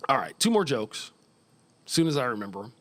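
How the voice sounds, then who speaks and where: A man's voice: mid-range voice, very animated, brisk, fairly bright tone. A man in his fifties from Northern California doing loose, profane live stand-up comedy in a small club, chuckling at his own jokes. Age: 50s.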